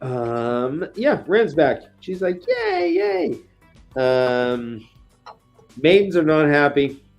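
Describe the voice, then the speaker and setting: A middle-aged man chatting casually on a book podcast, animated and acting out scenes with sound effects. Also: mid-range voice, slow pace, highs cut off, faint music behind. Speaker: podcast co-host. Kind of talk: casual book-discussion chat.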